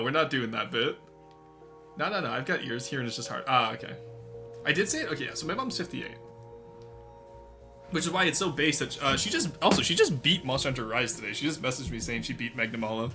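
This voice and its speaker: A man's voice: medium pitch, a little fast, pauses often, soft background music. A young man chatting with his stream viewers, laughing often. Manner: animated, laughs often, talks to chat. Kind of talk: casual live-stream chat.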